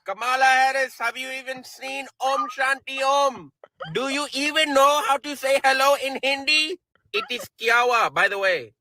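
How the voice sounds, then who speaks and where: A man's voice: extremely high pitch, fairly even intonation, moderate pace, sharp tone, no room sound, full character voice, low-quality recording. A man with an Indian accent doing an exaggerated put-on voice, scolding and teasing in a comedy clip. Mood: mocking. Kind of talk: mock address to a politician.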